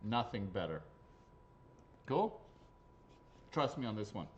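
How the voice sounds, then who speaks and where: A man's voice: on the low side, sing-song, slow pace, lo-fi sound, slight background noise. A man hosting live raffle draws, chatting casually and joking, swearing freely as he goes. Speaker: raffle host. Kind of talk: live-stream raffle draw chat.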